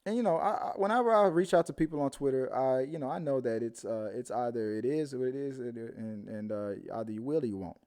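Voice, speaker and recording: A man's voice: mid-range voice, brisk, few pauses, a little mellow. A man hosting a live movie talk stream, chatting casually with viewers and telling a rambling story.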